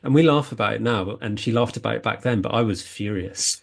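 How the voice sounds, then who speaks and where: A man's voice: on the low side, brisk, vocal fry, few pauses. A man talking earnestly as a spiritual healing coach, rambling and often restarting his sentences. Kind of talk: casual spiritual talk.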